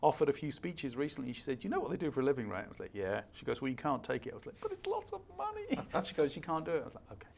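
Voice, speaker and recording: A man's voice: medium pitch, animated, rapid-fire, vocal fry, hardly any pauses, a little mellow. An older man, a guest speaker at a fireside chat, telling stories emphatically and acting out the dialogue.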